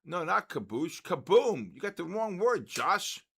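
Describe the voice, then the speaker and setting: An older man with a gravelly, creaky voice, running a live trading stream. He talks slowly and deliberately, sitting a little high for a man. His calls on market moves and viewers' names come out excitable and worn from talking. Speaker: trading livestream host.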